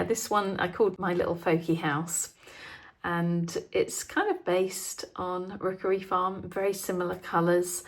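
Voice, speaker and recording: A woman casually chatting through her artwork and cross-stitch pieces in a soft, self-deprecating way. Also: lowish voice, vocal fry. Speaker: craft and art vlogger.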